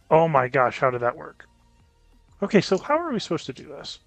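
A man giving casual gameplay commentary as a gaming YouTuber, chatting with viewers and reacting out loud to close calls. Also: fairly high pitch, very animated, brisk, gravelly, faint music behind. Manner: chatty, reacts loudly to near misses.

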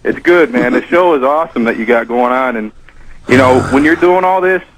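A man calling in to a radio talk show, speaking in a halting, agreeable way. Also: medium pitch, no echo, low-quality recording. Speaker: caller.

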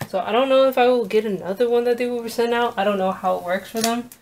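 A woman vlogger narrating an unboxing, gushing with awed exclamations and soft asides. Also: a little high, quick pace, slight background noise.

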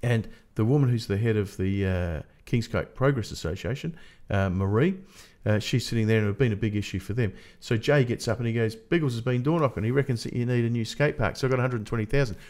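An Australian man, a politician appearing as a podcast guest, telling relaxed, plain-spoken anecdotes in casual conversation. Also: mid-range voice, fast, few pauses.

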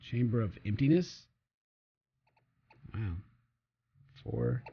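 A man's voice: medium pitch, expressive, extremely slow, gravelly, breathy edge. A man casually commentating his gameplay as a let's play host, joking and chatting back at the game characters. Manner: jokey, talks to game characters and reads their lines aloud. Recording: slightly dull recording with faint game music.

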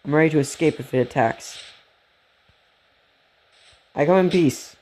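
Excitable man rambling over gameplay. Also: on the high side, a little slow. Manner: rambling, excitable, gasps and squeals at cute animals. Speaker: let's play gamer. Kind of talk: casual gameplay commentary.

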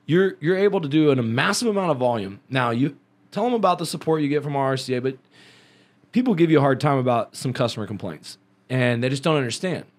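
A man's voice: medium pitch, expressive, fast. A man hosting a casual podcast interview, loose and joking, with slang and frequent laughter. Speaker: podcast host.

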